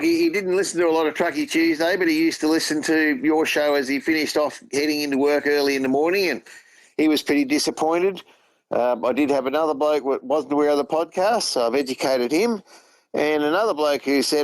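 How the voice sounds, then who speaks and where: The voice is a man's, a little high, on a dry, rough recording. He's an Australian-accented truck driver and regular guest, rambling through long anecdotes in casual phone-in chat and relaying others' words.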